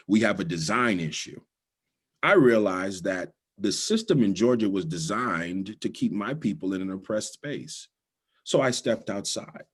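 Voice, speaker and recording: A middle-aged Bahamian man gives a motivational talk as a guest speaker, a husky rasp running through his low voice. He tells personal stories and repeats his key lines for emphasis. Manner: storytelling with repetition for emphasis.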